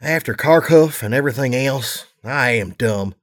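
A man voicing a weary mother mare pony, gruff but loving, in a low tired plain delivery. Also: lively intonation, normal speed, lightly acted.

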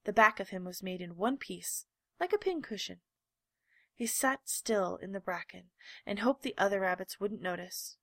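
A woman reading a children's storybook aloud, with gentle, measured storytelling. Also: medium pitch, lively intonation, no room sound. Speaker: narrator.

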